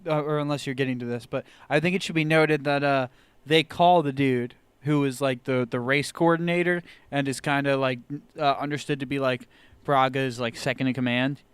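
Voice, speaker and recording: A man's voice: mid-range voice, fairly quick, clean tone, dry recording. A man co-hosting a podcast, chiming in casually with asides while a film is recapped. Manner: relaxed, chimes in with asides and laughs. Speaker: podcast co-host. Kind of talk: casual chat.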